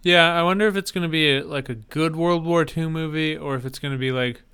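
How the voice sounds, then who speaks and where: Bright, crisp-voiced man chatting movies. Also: fairly high pitch, fairly quick. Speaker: podcast co-host. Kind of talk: casual movie chat.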